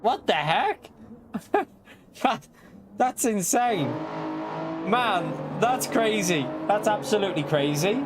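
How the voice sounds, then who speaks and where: Excitable British man with a high voice. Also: slow pace, long pauses, background noise. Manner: excitable, laughs often, swears when shocked. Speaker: gaming live streamer. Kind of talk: casual live-stream chat to viewers.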